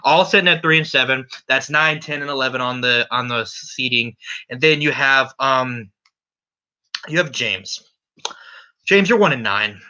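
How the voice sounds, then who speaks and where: A man's voice: mid-range voice, a little slow, bright, forceful tone, highs cut off. A man running a casual solo fantasy football recap as league commissioner, brash and profane, ribbing the other league members.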